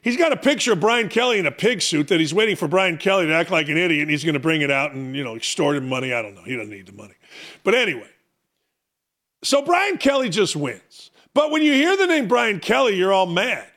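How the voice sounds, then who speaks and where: A middle-aged man hosts a sports talk show with a high voice that leaps all over the place. He rants through an opinionated monologue, pokes fun at himself and keeps pressing rhetorical questions. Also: fairly quick. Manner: animated, self-mocking, hammering rhetorical questions.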